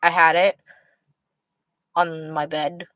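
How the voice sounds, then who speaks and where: A woman's voice: low-pitched, little pitch movement, slow pace, fairly bright tone, dry recording, highs cut off. A tired young woman hosting a livestream, chatting casually and rambling with many restarts as she answers her chat. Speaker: livestream host reading chat.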